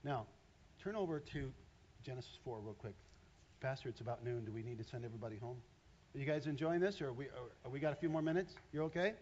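Animated preacher man in his fifties. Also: medium pitch, quick pace, dull audio, slight background noise. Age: 50s. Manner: animated, conversational preaching with acted-out voices. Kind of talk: sermon. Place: church stage.

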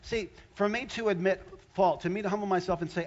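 A man's voice: high voice, a little fast, few pauses, highs cut off. An older man preaching a sermon in a conversational way, often rising into emphatic bursts. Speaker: pastor.

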